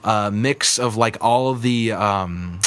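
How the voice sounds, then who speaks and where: A man's voice: fairly low pitch, a little slow, a bit bright, smooth. A man co-hosting a casual podcast, joking and sounding incredulous, with some swearing. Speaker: podcast co-host.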